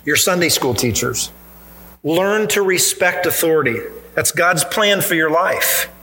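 A man's voice: a little high, animated, measured pace, pushed and bright, rough recording. A male pastor preaching a sermon in church, earnest and emphatic, driving points home with repetition.

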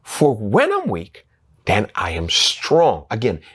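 A man preaching a sermon, halting with frequent restarts and fillers, growing more emphatic and rising in pitch as he presses his points. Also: huge pitch swings, fairly bright tone, slightly rough.

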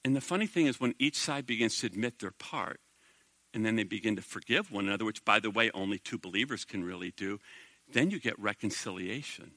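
Animated, bright-voiced male pastor preaching. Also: lowish voice, a little fast, dry recording. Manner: animated, conversational preaching with rhetorical questions. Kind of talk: sermon.

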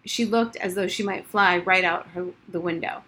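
Woman audiobook narrator, expressive children's storybook read. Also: lowish voice, moderate pace. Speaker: audiobook reader.

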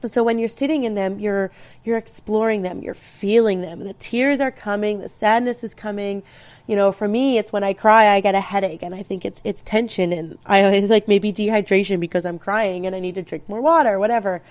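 A woman's voice: mid-range voice, fairly even intonation, fairly quick, a little mellow. A woman in her thirties giving a reflective personal talk, earnest and rambling, with frequent restarts. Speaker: speaker sharing personal growth advice.

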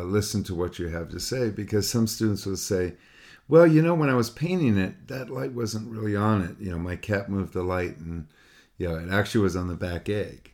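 A man with a low voice explains painting to a student over a call. He talks loosely and rambles, repeating words and acting out student replies in other voices. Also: darkish tone. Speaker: painting teacher. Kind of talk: casual one-on-one critique talk.

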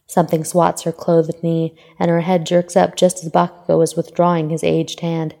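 A woman narrates fan fiction in a steady, even manner. Her voice sits low with a gravelly fry and a mellow tone. A long reverb trails behind her. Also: normal speed, few pauses.

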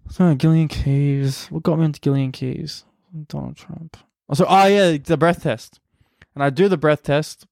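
A man's voice: a little high, steady tone, normal speed, gravelly, a little mellow, no echo. A young Australian man hosting a podcast, rambling crudely and self-deprecatingly in a casual comic monologue on a close mic. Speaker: podcast host.

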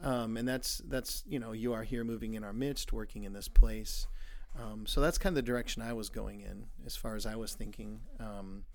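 A man joining as a guest in a casual discussion, explaining his thoughts in a measured way. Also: lowish voice, fairly even intonation. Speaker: guest, ministry colleague.

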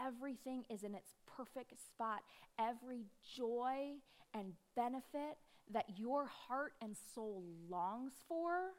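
A woman preaching a sermon in a conversational, emphatic way, with dramatic pauses on key words. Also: fairly high pitch.

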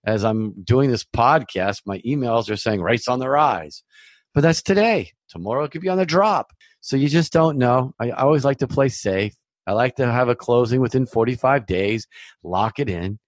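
Man, podcast host, chatty, reassuring, rambling asides, mid-pitched voice, dry close-mic sound. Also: moderate pace, dry recording. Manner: chatty, reassuring, repeats himself, conversational asides. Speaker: mortgage loan officer hosting a podcast. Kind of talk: casual advisory monologue.

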